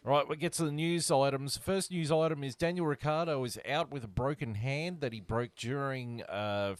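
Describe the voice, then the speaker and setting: A man's voice: medium pitch, normal speed, no room sound. A man hosting a casual podcast chat, blunt and stumbling over his restarts as he leads into news items.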